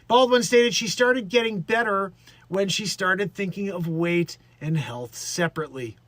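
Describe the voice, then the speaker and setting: A man's voice: sits high, unhurried, a bit bright, no room sound. A man hosting a live stream, chatting casually in a rambling, jokey way, laughing at his own bits. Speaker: livestream host.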